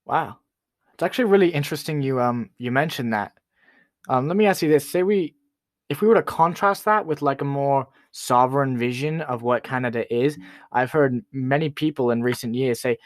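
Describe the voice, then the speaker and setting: A man hosting a comedy talk show sketch, chatty and quick to apologize. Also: mid-range voice, no room sound.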